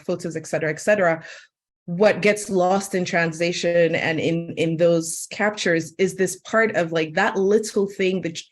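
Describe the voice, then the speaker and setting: A woman from Sierra Leone with an American accent tells a personal story on a webinar panel. She speaks in an animated, chatty way and fills her sentences with "like." Her voice sits a little low for a woman. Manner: animated storyteller, many "like" fillers. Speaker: webinar guest, media host.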